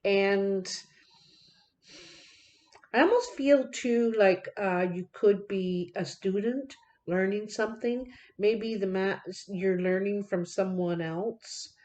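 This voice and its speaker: A woman's voice: medium pitch, slow, darkish tone, dull audio. A woman giving a card reading to her viewers, talking in a folksy, direct way with many fillers. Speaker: card reader.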